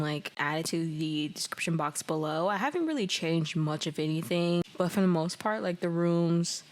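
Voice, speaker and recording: Chatty giggly woman narrating gameplay. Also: fairly low pitch. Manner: chatty, giggly, voices her characters in quick asides. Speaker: let's play host. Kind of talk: casual gameplay commentary.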